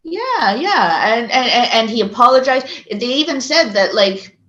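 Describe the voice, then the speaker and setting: A woman's voice: on the high side, very animated, a bit bright. Woman, podcast co-host, outspoken, argumentative, roomy echo, dull lo-fi sound. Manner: outspoken, argumentative, talks in quick runs. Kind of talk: casual chat. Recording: echoey, dull-sounding room.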